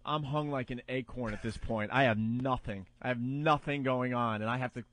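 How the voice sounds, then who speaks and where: A man co-hosting a radio show, recounting a story in a relaxed, halting way. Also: medium pitch, no room sound. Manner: laid-back storytelling, halting with fillers. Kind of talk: comedic radio banter.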